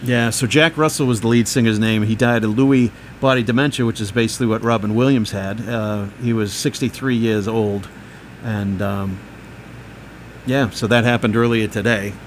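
A man's voice: lowish voice, steady tone, normal speed, a little hiss or hum. A man co-hosting a podcast, chatting casually and rambling, with frequent laughs. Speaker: podcast co-host. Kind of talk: casual chat.

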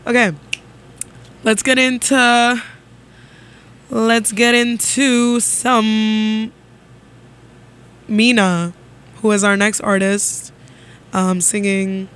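Young guy with a fairly high voice, easygoing studio radio host who rambles a bit. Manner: relaxed, rambling with fillers like "um" and "like". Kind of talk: casual radio show chat.

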